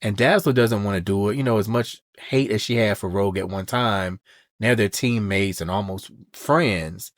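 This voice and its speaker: A man with a lowish voice hosts a podcast and walks through a comic book storyline. He talks casually and slips into the characters' quoted lines as he goes. The sound is close and dry. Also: moderate pace, no room sound. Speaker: podcast host.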